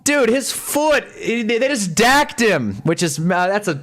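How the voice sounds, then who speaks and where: A man's voice: high voice, sing-song, measured pace, fairly bright tone. A man giving frustrated, profane commentary while watching a game live on a stream. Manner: swears a lot, frustrated fan reactions.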